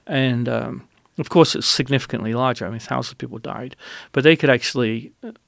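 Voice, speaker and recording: A man who is a guest on a radio interview, telling a personal story in an animated, rambling way with many restarts. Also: mid-range voice, a little fast, gravelly, no room sound.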